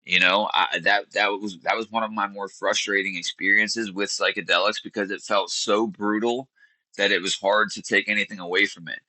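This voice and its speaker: A man's voice: fairly low pitch, fairly even intonation, normal speed, pushed and bright, no echo, poor audio. A man in his thirties, a podcast guest, telling a personal story earnestly and searching for words. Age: 30s. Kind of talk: candid interview storytelling.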